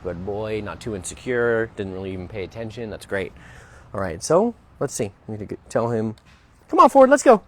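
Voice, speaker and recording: A dog trainer with a lowish, somewhat mellow voice narrates an outdoor training session as it happens, talking fairly quickly. He often checks in with a "right?" while demonstrating.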